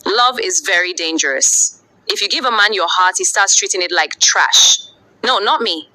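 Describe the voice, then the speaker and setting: AI voice of a calm young Nigerian woman. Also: on the low side, normal speed, no room sound. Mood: wry. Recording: AI clip played off a screen.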